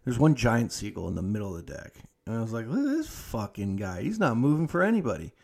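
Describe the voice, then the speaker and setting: A man's voice: medium pitch, big pitch swings, fast talker, vocal fry, darkish tone. Profane laid-back male podcast host. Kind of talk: casual storytelling monologue.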